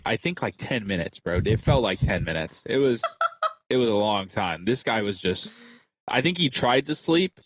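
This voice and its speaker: A man's voice: on the low side, lively intonation, normal speed, slight background noise. A young man on a casual podcast, telling a rambling, slangy story and saying "bro" constantly. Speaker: podcast co-host. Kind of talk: casual chat.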